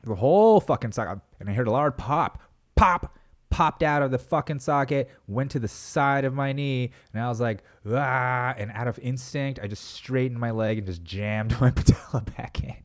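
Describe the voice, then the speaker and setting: A man's voice: medium pitch, moderate pace. A young adult man hosting his own podcast, talking in a rambling, self-mocking way and swearing casually. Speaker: podcast host. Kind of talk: casual solo podcast monologue.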